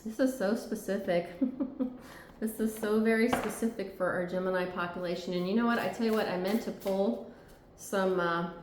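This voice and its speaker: A woman's voice: medium pitch, fairly even intonation, normal speed, darkish tone, a little hiss or hum. A woman giving a tarot reading, talking earnestly and reassuringly and often checking in with "okay?". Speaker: tarot reader. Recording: echoey room.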